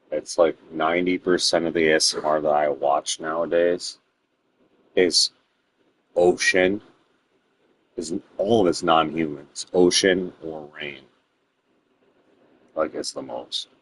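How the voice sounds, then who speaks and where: A man's voice: extremely low pitch, a little hiss or hum, rough recording. A man streaming a game and chatting casually with his viewers, rambling and swearing freely. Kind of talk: casual gameplay stream chat.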